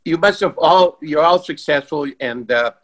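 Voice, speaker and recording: A man's voice: fairly high pitch, moderate pace, a bit bright. A man on a panel asking earnest, reflective questions and sharing memories over a video call. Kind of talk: casual panel chat.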